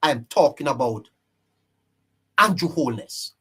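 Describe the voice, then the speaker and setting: A man's voice: fairly high pitch, big pitch swings, unhurried, fairly bright tone, breathy edge. A man hosting a live-stream political commentary, emphatic and preachy, repeating his phrases for effect. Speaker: live-stream show host.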